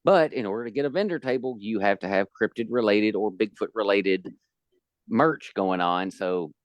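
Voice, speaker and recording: A man hosting a podcast in a relaxed, joking casual chat. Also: fairly low pitch, moderate pace, dry recording, dull audio. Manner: joking, easygoing. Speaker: podcast host. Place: home, indoors.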